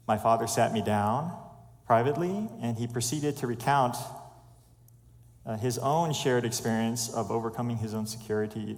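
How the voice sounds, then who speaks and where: A man giving an earnest, measured personal testimony at church, fighting back tears. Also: medium pitch, darkish tone. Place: church sanctuary. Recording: long church reverb.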